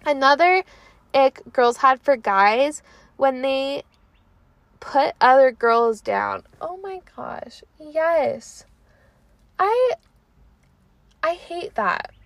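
Young woman podcast host, fairly high voice, dry close sound, chatty and animated. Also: extremely slow, long pauses, no echo. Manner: chatty, animated, lots of likes and trailing off. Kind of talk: casual chat.

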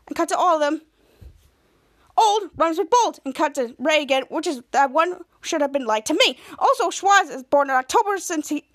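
A woman with a high, light voice hosts a casual podcast and walks through a TV episode scene by scene. Her telling rambles and stops and starts, with frequent restarts. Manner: rambling, stop-start retelling with many restarts. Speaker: podcast host.

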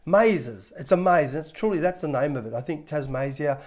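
A man's voice: fairly high pitch, lively intonation, a little fast, a little mellow. Man preaching a conversational sermon. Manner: conversational preaching with frequent restarts. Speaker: pastor.

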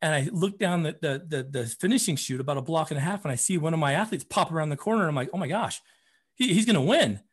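A man, a running coach, telling stories as a podcast guest in an animated way, often repeating words as he gets excited. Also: a little high, fast talker, few pauses, breathy edge. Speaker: running coach and program founder.

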